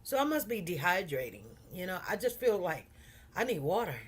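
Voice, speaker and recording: This middle-aged livestream host, Chicago accent and all, talks casually and straight to her viewers, often saying things twice. Her voice is on the low side, sing-song and fairly quick, with a breathy edge.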